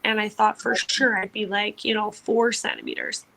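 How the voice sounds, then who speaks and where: A woman's voice: mid-range voice, huge pitch swings, normal speed, vocal fry, sharp tone, slight background noise, low-quality recording. A young woman co-hosting a podcast, telling a personal story in a chatty way, full of "like" and acted-out quotes. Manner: chatty, lots of "like", acts out quotes. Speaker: podcast co-host. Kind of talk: casual storytelling.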